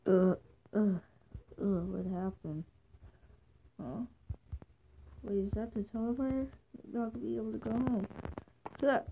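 A woman doing a casual game role-play, talking slowly and hesitantly with many fillers. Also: mid-range voice, steady tone, vocal fry, mellow. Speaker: game video maker. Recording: noisy home recording.

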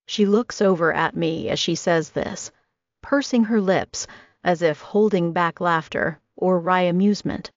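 Low, gravelly woman narrating. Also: moderate pace, dry recording. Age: 20s. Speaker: audiobook narrator. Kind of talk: first-person audiobook narration. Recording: dry, slightly dull audio.

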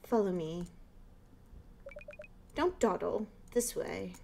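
A woman's voice: medium pitch, lively intonation, slow, creaky, dark tone, a little hiss or hum. A woman voicing a stern, formal older woman with a posh British accent who looks after a graveyard. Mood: curt. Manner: formal, clipped and curt.

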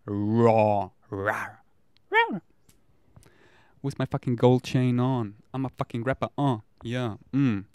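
A man rambles candidly, swearing freely as he talks. His voice is smooth and clear. It sounds dry and close, with no room echo. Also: mid-range voice, fairly even intonation, moderate pace, hardly any pauses, dark tone. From Germany. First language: German. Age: 30s. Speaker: vlogger. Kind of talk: casual confessional monologue.

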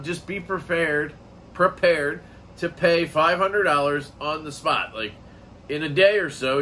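A man's voice: a little high, bright, forceful tone, slight background noise. An American man giving a casual, rambling knife review, enthusiastic and profane, with lots of fillers.

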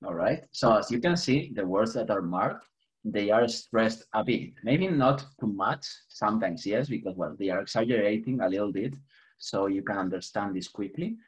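In his online English lessons, a man from Spain, a native Spanish speaker, moves between Spanish and English, often chuckling with gentle humor in a Spanish accent. He sounds animated, lowish, and breathy at a normal pace, over poor audio.

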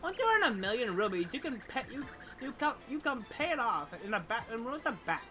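A woman's voice: on the high side, sing-song, brisk, over music. A woman voicing a spoiled, greedy young female game villain in a haughty Valley Girl voice. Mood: bossy.

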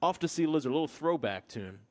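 A man co-hosting a livestream music show, chatting casually between songs in a rapid, rambling way. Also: on the high side, animated, darkish tone. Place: outdoors in a back yard.

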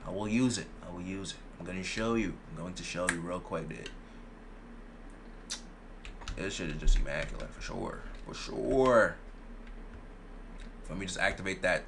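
A man's voice: low-pitched, moderate pace, creaky, pauses often, noisy background. A young man giving casual gameplay commentary, playful and boastful, full of slang and repeated phrases. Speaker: gaming YouTuber.

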